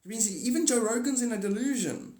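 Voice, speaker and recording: A man hosting a live stream, talking in a rambling monologue, animated and swinging between loud outbursts and muttered asides. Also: very high-pitched, fast talker, roomy sound.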